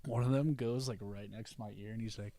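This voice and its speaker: A man's voice: on the low side, fairly even intonation, quick pace, mellow, dry recording. A young man co-hosting a podcast, telling stories in casual chat and laughing often. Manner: laid-back storyteller, laughs often, says "dude". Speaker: podcast co-host.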